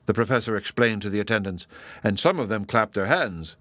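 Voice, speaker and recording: A man narrating a story in a measured audiobook reading. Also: no room sound, studio quality. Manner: measured storytelling with lively pitch.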